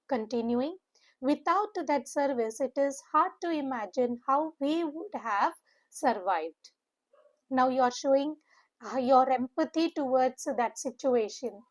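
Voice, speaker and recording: A woman's voice: high voice, a little mellow. A woman, an English teacher giving an exam-prep lesson, explaining word by word and slipping Hindi phrases into her English.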